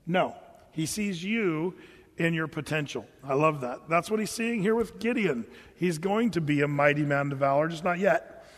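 A high-pitched male pastor teaching scripture in a relaxed, enthusiastic way. He reads old-style verses aloud, then talks about them as if chatting with his class. His voice rings out with a long reverb, like a big sanctuary. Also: moderate pace.

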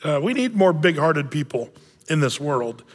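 With a voice pitched somewhat higher than most men's, this male pastor preaches casually, hesitating on small fillers and starting phrases over. His sermon echoes with the long reverb of what sounds like a big hall.

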